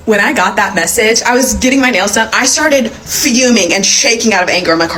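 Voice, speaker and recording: Young woman vlogger, storytime rant, animated and exasperated, mid pitch. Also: a little fast, few pauses. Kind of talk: storytime vlog.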